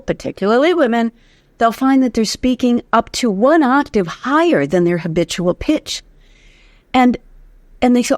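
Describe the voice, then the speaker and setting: A woman's voice: mid-range voice, expressive, normal speed, dry recording. Dry-sounding American woman voice teacher. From United States. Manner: demonstrative, hums examples, laughs easily. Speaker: voice teacher, guest. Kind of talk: instructive interview talk.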